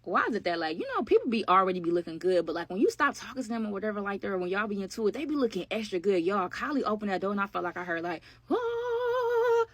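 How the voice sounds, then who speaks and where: Brief: woman storytime vlogger, rapid-fire delivery, dry close sound, chatty and slangy. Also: medium pitch, expressive, dry recording. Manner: chatty, slangy, addresses viewers as y'all. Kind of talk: casual storytime narration.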